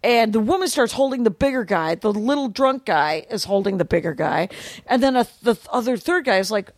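A woman with a high voice tells a story on her podcast, animatedly acting out each person she quotes. The sound is dry and close, with no room around it. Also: animated, fairly quick, no room sound. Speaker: podcast co-host. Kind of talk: casual storytelling chat. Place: podcast studio.

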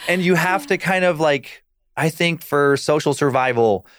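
A man's voice: a little high, moderate pace, no echo, studio quality. A man from Idaho, a podcast guest in casual chat, telling stories and acting out quoted lines. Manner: animated storyteller who acts out quotes.

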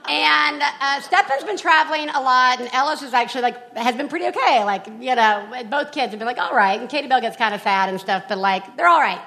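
Brash high-pitched female co-host, gravelly fry, mock-scolding live on stage. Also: a little fast, hardly any pauses, bright, forceful tone. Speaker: podcast co-host. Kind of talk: live comedy podcast chat. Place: live stage before an audience.

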